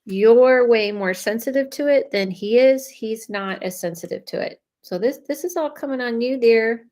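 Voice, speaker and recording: A woman's voice: on the high side, normal speed, darkish tone. A woman, chatting through a live psychic reading with lots of fillers, speaking straight to the people she reads for. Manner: chatty, many fillers, talks straight to viewers. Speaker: psychic medium. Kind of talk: live reading, casual chat.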